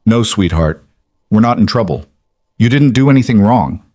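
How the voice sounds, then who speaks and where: A quiet, steely single dad, read by a man with a low voice and a flat, cold delivery. The sound is close and dry. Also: normal speed, dry recording. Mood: gentle. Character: protective single-dad janitor, cold and steady.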